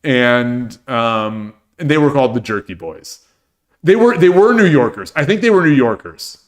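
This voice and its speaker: A man's voice: medium pitch, big pitch swings, moderate pace. A middle-aged man from the Midwest, rambling through casual chat with viewers on his livestream and often restarting and repeating phrases. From American Midwest. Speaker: livestream host.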